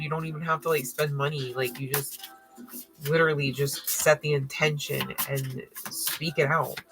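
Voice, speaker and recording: A woman's voice: low voice, a bit bright, rough recording. A woman giving a casual tarot reading, chatty and slangy, swearing freely and peppering her talk with fillers. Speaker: tarot reader.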